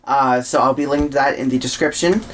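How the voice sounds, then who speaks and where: An easygoing man hosting a relaxed podcast conversation, speaking at a medium pitch. He talks in a laid-back way, with plenty of ums and yeahs between thoughts. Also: a little fast, a little hiss or hum. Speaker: podcast host. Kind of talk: casual podcast chat.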